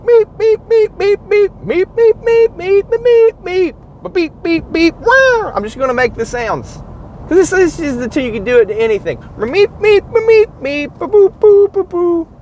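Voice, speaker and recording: A man with a fairly high, very lively voice hosts his own podcast in a loose, comedic monologue. He mocks what he describes and bursts into acted-out sounds and chants, with a faint hum behind him. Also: rough recording. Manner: animated, mocking, acts out sounds and chants. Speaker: podcast host.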